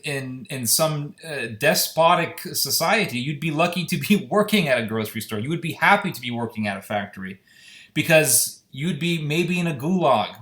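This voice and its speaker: A man's voice: fairly high pitch, fairly bright tone. Indignant man in an echoey room. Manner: impassioned, indignant, fires off rhetorical questions. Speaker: commentator. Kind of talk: solo opinion monologue.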